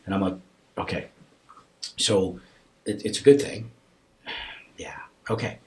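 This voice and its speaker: As a guest on a podcast, a man shares a personal story in a relaxed interview, speaking slowly in a low, sing-song voice. He animatedly plays both sides of the conversation and softens to a hushed tone during tender moments.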